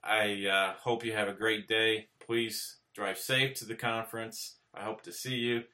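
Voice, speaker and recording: This preacher's voice sits lowish with little pitch movement, unhurried yet pushed and bright. Indoors and addressing the camera, he gives a plainspoken, earnest informal sermon, frequently asking "okay?", restarting, and climbing to emphatic repetitions.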